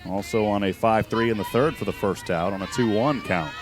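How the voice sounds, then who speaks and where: Man, play-by-play softball call, excited on big plays, crowd noise behind. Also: fairly low pitch, brisk, few pauses. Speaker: play-by-play announcer. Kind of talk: live softball commentary.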